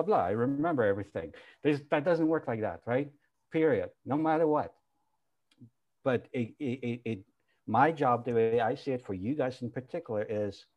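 A male professor speaks frankly and with energy, swearing without apology. His voice sits at a middle pitch. The sound comes through a video call. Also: dull audio. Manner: candid, animated, swears casually. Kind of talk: casual panel discussion.

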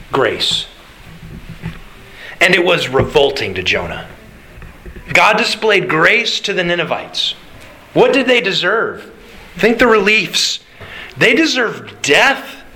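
A man preaching a sermon, animated and conversational, acting out quotes as he goes. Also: high-pitched, poor audio. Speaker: pastor.

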